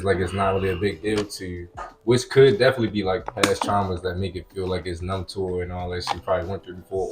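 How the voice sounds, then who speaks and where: Young man, low voice, hedging and reflective, clear music behind. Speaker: podcast co-host. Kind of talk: casual chat.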